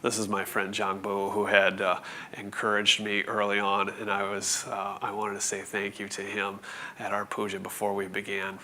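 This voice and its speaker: A man in his forties telling a conference audience a story, halting with many fillers and restarts, with light chuckles. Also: lowish voice, monotone, bright, forceful tone, slight background noise. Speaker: conference speaker. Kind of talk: presentation talk.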